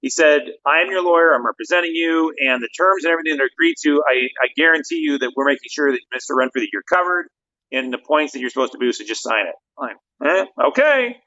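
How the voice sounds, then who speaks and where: A man co-hosting a casual livestream chat, telling stories in an animated way and laughing often. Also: a little high, quick pace, lo-fi sound. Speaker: podcast co-host, real estate investor.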